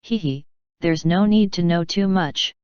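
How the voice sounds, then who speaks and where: A sinister young man in black robes sneers and mocks, as a woman reader puts him on in a low, smooth, clear voice. His cold taunts come across close and dry in a slightly muffled storybook recording. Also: unhurried, a little mellow, no room sound, close to an everyday voice. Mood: sneering. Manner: mocking, cold.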